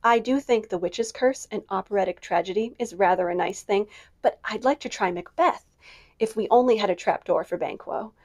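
A woman voicing a bold, impulsive teenage girl who talks in a quick, dramatic way. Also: mid-range voice, a little mellow, close to an everyday voice. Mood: musing.

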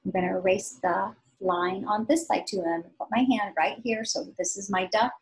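A woman teaching young children to draw, giving slow, patient, sing-song step-by-step instructions. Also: medium pitch, low-quality recording. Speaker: art teacher.

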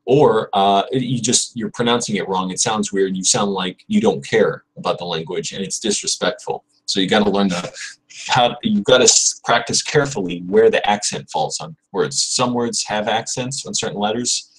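A man with a fairly low, husky voice talks casually on a livestream. He rambles and corrects himself as he studies. He repeats verb forms over and over, slowly and with care. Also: rough recording. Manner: drills verb conjugations aloud, repeating words slowly; rambling, self-correcting, chatty with viewers. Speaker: livestream host studying Spanish. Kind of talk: casual livestream, thinking aloud.

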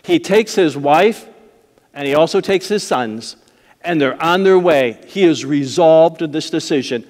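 A man's voice: fairly high pitch, lively intonation, a little slow, a little mellow. A man preaching a sermon as a pastor, telling stories in a conversational way and acting out the voices of the people in them. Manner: conversational storytelling with acted-out voices and laughs. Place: church sanctuary. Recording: long hall reverb.

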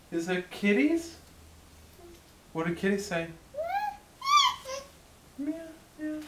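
A woman's voice: mid-range voice, big pitch swings, takes it slowly, noisy background. A woman reading a picture book to a toddler, asking coaxing questions and imitating animal noises in a sing-song voice. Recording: roomy home video.

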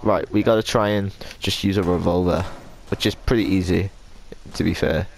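A young man joking and shouting excitedly while commenting on his own gameplay. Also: sits low, moderate pace, gravelly, slight background noise. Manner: excitable, joking, swears at opponents. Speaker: gamer.

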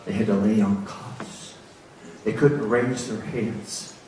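A man's voice: fairly low pitch, steady tone, slow pace, darkish tone, slight background noise. An older American man telling testimony stories in a folksy sermon, sometimes building to fervent exclamations, in a church. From United States. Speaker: preacher giving testimony. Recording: echoey church hall.

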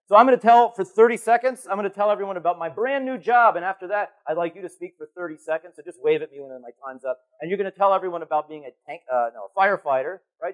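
A man giving a conference keynote on stage, animated and playful as he calls volunteers up from the audience. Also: high-pitched. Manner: animated, calling to the crowd, playful. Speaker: keynote speaker.

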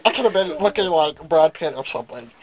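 A man's voice: a little high, animated, fast talker, crowd noise, close to an everyday voice, low-quality recording. A man putting on the voice of a goofy, self-mocking young guy who rambles, stammers and giggles. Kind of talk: comic character monologue.

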